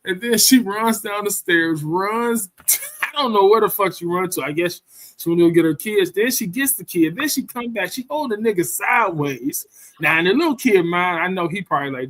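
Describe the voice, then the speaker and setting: A man's voice: sits high, lively intonation, normal speed, a bit bright, no room sound. Rambling, profane man telling stories. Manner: profane, rambling, repeats "you know what I'm saying". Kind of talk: casual storytelling rant.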